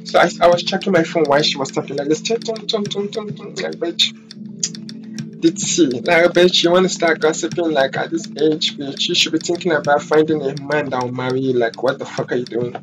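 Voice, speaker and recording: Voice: mid-range voice, fairly quick, music in the background. A vlogger telling a workplace story in a blunt, profane, exasperated way. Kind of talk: casual storytime rant.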